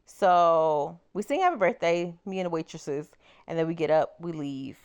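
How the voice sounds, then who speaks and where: A woman crochet vlogger chatting casually as she tells a personal story, animated and exclaiming. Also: fairly low pitch, moderate pace, clean tone.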